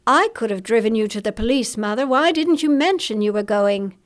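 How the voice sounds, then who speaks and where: A woman narrator voicing a grown son who speaks to his mother in a steady, reassuring way. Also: a little high, fairly quick, lightly acted.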